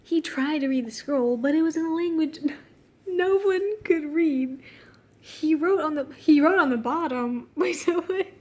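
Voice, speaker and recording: Her voice sits high with a darkish tone, and she takes her time as she reads out her own childhood story. Giggly and self-mocking, she interrupts the casual reading to laugh and poke fun at what she wrote.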